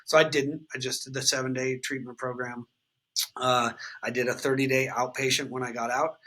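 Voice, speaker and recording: A man in his thirties tells his story to an interviewer in a raw, unfiltered way. His voice is bright and forward, with a husky edge. He talks loosely, with plenty of fillers and casual swearing. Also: medium pitch, flat delivery, normal speed, low-quality recording. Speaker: guest sharing his recovery story. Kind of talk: candid conversational storytelling.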